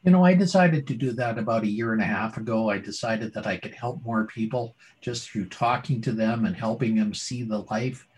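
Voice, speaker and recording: A man's voice: on the low side, fairly quick, hardly any pauses, a little mellow, rough recording. A middle-aged man, a former doctor and now a speaker, telling his story as an interview guest with dramatic pacing and rhetorical questions.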